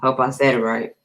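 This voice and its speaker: A man's voice: mid-range voice, poor audio. A man hosting a casual live stream, chatting easily and greeting viewers by name.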